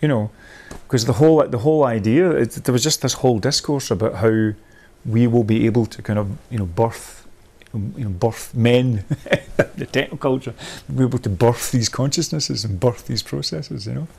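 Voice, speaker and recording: A man's voice: medium pitch, moderate pace, creaky, few pauses, darkish tone, breathy edge. A man leading a workshop, thinking aloud in a rambling, discursive way, with many restarts, and laughing at his own points. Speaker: workshop leader.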